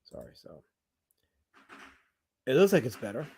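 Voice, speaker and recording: A man's voice: medium pitch, sing-song, a little slow, gravelly, mellow, husky. A man hosting a casual livestream. He rambles, jokes, swears and reads viewers' comments aloud, and he sounds tired. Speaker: livestream host.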